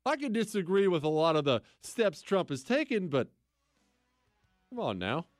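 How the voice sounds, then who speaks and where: Sarcastic man hosting talk radio, lively swooping delivery, dry booth sound. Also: normal speed, no room sound, soft background music. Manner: sarcastic, mocking, heavy repetition; animated, swings into incredulous high outbursts. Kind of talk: political talk radio monologue.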